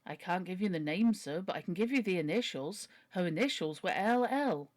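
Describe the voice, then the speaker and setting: A woman's voice: lowish voice, lively intonation, moderate pace. A woman voicing a humble, pleading older male butler while reading a novel aloud. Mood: earnest. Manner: earnest, deferential, begging.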